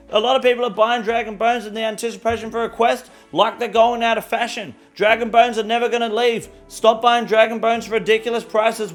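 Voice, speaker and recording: A man plays a loud, swaggering male anchor fronting a mock market report. The voice sits high and pushy, and he rants with cocky, profane confidence. Faint music plays underneath. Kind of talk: mock news segment.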